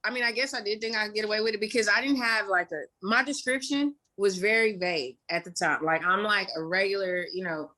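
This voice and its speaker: A young woman from Indiana, a guest in an interview, telling her story candidly with plenty of swearing, fillers and quick asides. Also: mid-range voice, bright, forceful tone.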